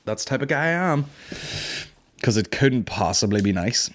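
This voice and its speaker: A man's voice: medium pitch, animated, moderate pace. A man hosting a comedy podcast, telling sweary stories in a casual monologue and acting out the people in them. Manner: sweary storytelling, acting out quoted voices. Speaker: podcast host.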